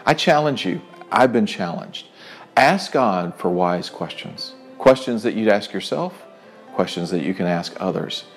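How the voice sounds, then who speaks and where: A man's voice: fairly low pitch, unhurried, faint music behind. Earnest middle-aged man preaching conversationally. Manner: earnest, conversational preaching with animated retold dialogue. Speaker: pastor. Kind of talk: sermon.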